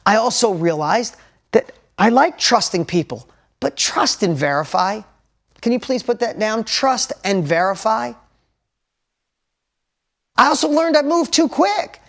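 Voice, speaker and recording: A man giving a motivational storytelling talk to an audience, candid and blunt with casual swearing, openly emotional, and urging listeners to take notes. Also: very high-pitched. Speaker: motivational business speaker.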